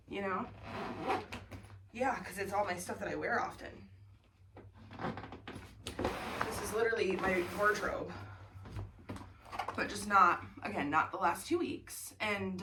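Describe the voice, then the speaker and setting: A woman's voice: medium pitch, measured pace, long pauses. A young woman vlogging casually at home and chatting to her viewers. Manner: chatty, talks to her pet in a baby voice. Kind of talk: casual vlog chat. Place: bedroom and home office, indoors. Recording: distant mic, faint background noise.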